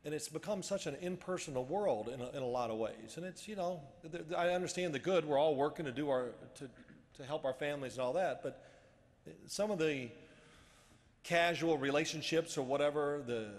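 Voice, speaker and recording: Guy rambling thru a luncheon speech, slightly high voice, long echo from the banquet hall. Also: fairly quick. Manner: rambling storyteller, frequent restarts. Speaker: luncheon speaker. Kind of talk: casual motivational speech.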